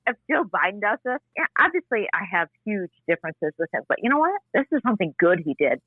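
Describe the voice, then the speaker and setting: A young woman co-hosting a talk show, chatty and animated, swearing freely. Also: mid-range voice, quick pace, dry recording. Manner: animated, swearing, laughing often. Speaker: co-host. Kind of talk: casual chat. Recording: dry, phone-like line.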